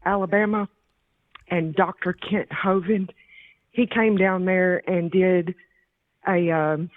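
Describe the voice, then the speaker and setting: Caller, female, flat, earnest, phone-line quality. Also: lowish voice, dry recording. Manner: earnest, halting, polite. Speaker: call-in listener. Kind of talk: phone call to a radio show.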